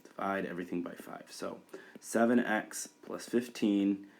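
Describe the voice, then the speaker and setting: A man's voice: sits low, a little slow, vocal fry, darkish tone, a little hiss or hum. A man walking through a whiteboard math tutorial, talking each step aloud with fillers and restarts. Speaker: math teacher.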